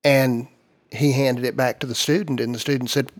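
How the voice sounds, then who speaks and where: A man's voice: mid-range voice, steady tone, moderate pace. A man hosting a casual discussion, explaining ideas earnestly and at length.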